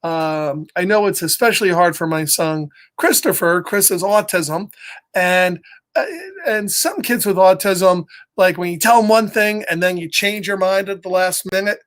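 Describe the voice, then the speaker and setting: A man's voice: sits high, normal speed, a bit bright. A middle-aged man reading a picture book aloud to children, chatty and upbeat, laughing often and greeting viewers by name. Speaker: storybook reader for children. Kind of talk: read-aloud story time with live chat.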